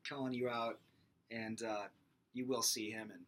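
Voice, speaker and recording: A man's voice: mid-range voice, steady tone, fairly quick, sharp tone, soft background music. A young man giving a casual, rambling singing lesson, full of fillers and restarts. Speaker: singing teacher. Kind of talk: casual vocal lesson with sung demonstrations.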